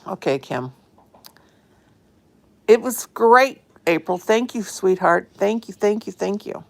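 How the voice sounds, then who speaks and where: A woman's voice: mid-range voice, expressive, slow, creaky. A woman chatting casually and affectionately on a phone live stream from home, greeting viewers and her pets. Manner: chatty, affectionate, fond of pet talk. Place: home, indoors.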